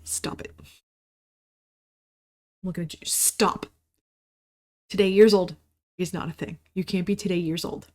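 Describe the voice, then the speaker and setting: A woman's voice: lowish voice, steady tone, quick pace, warm tone. A woman in her thirties hosting a podcast, rambling casually in a solo monologue, swearing often and mock-ranting. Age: 30s. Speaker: podcast host.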